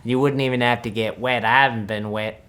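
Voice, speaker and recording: A man's voice: mid-range voice, steady tone, fairly quick, a bit bright, close to an everyday voice. A young man, playing a boastful country-boy wizard who reacts to films in a laid-back, rambling drawl full of folksy asides. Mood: smug. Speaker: comedic film reactor. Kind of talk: deadpan comedic reaction.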